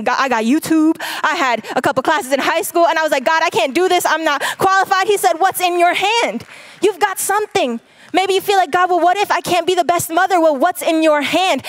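A young adult woman preaching a sermon to a congregation, emphatic and direct, repeating her key lines. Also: sits high. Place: church stage.

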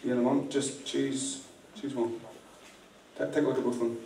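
A man's voice: mid-range voice, flat delivery, normal speed, dark tone. Male magician, teasing crowd work, distant echoey live recording. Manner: playful, teasing, directs volunteers. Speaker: magician performing mind-reading. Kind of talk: live stage magic patter. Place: large indoor venue with audience. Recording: echoey room, distant mic, faint noise.

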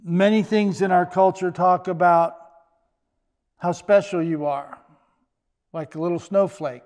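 An older man, a pastor, preaching a sermon in a conversational way with joking asides and quick restarts. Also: sits high, fairly even intonation, darkish tone.

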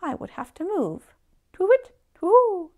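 A man voicing a gloomy male owl who talks in a hushed, breathy way and hoots, in a read-aloud storybook. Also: extremely high pitch, very animated, slow, voice pushed up, heavily acted.

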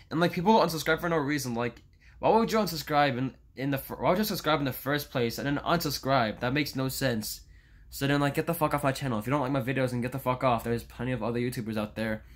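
A man's voice: medium pitch, fast talker. Frustrated nineteen-year-old guy ranting. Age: young adult. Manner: frustrated, rambling with restarts and frequent swearing. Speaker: YouTuber. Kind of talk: casual vlog rant.

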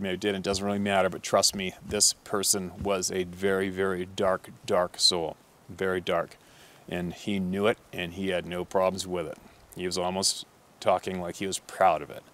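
Low-voiced, profane storytelling man. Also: a bit bright. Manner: profane, rambling, emphatic. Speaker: hunting guide. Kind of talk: casual storytelling.

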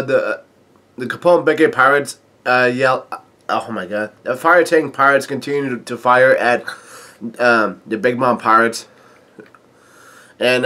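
A man recapping and commenting on a comic chapter in a casual, halting way, with lots of filler sounds and restarts, reading quoted lines mostly flat. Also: medium pitch. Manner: halting, stop-start delivery with frequent filler sounds. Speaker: manga chapter reviewer.

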